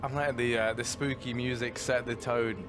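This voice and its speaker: A man's voice: medium pitch, level tone, moderate pace, music in the background. A man doing color commentary on a shooter match, playing up the drama with silly, theatrical jokes. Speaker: esports caster.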